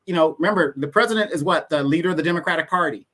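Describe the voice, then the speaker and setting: A man's voice: fairly high pitch, very fast, pushed and bright. A man as guest co-host in a casual political chat, speaking in an emphatic, opinionated way.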